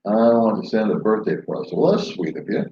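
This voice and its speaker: Talking a little fast with big pitch swings, a man with a lowish voice hosts a casual late-night stream from home in the Philippines, full of rambling, chuckles, and jokey stories. Slight background noise sits under dull, lo-fi audio in an echoey room.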